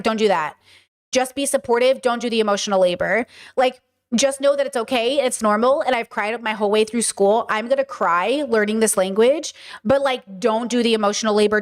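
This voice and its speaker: A woman hosting a casual chat stream, talking in an emphatic way with lots of fillers. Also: on the high side. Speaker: streamer and host.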